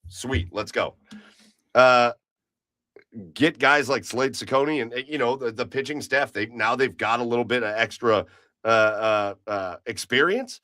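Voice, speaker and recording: A man's voice: mid-range voice, unhurried, sharp tone, no echo. A man co-hosting a podcast, chatting casually about baseball in a rambling way, full of restarts. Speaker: podcast co-host. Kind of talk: casual sports chat.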